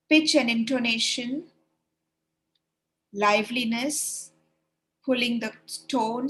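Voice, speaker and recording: A woman's voice: fairly high pitch, fairly bright tone. A woman leading an online training webinar for teachers over a video call, encouraging and demonstrating read-alouds.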